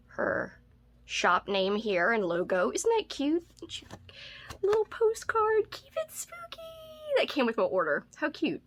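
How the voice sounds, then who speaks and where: A woman's voice: medium pitch, a bit bright. A woman book vlogger chatting casually through a haul video, bubbly and gushing over cute things with a self-mocking streak.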